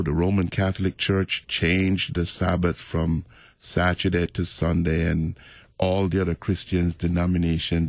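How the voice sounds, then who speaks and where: A middle-aged man, a pastor, talking about faith in a relaxed, reflective, storytelling way. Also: deep voice, no echo, studio quality. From Jamaica. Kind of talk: casual faith conversation.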